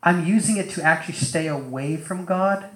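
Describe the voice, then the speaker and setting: Brief: high-voiced male preacher, casual chatty sermon, roomy hall sound. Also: normal speed. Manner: loose, animated, full of fillers and acted-out asides. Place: church hall with a live audience.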